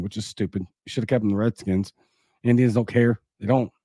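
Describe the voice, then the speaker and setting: A man's voice: on the low side, fairly even intonation, a little fast, mellow, slightly rough, no room sound. A man hosting a commentary podcast, reading an article aloud and breaking off into sarcastic, indignant asides. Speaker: podcast host.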